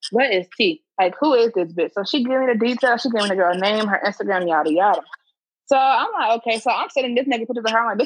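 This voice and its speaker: A young woman hosting a podcast, telling a story in casual chat, animated and swearing freely, acting out quotes. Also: a little high, breathy edge. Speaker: podcast host. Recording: muffled lo-fi recording.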